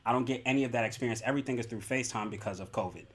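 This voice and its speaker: A young man on a casual podcast, telling a personal story with animated rises in his voice. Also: medium pitch, very fast. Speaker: podcast co-host, expectant father.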